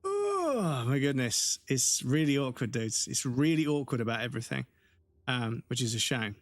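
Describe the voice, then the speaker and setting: Young man, game streamer, casual chat, profane, rambling with fillers, mid-pitched. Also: big pitch swings, normal speed, no echo. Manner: chatty, profane, with laughs and fillers. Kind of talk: casual gaming livestream commentary.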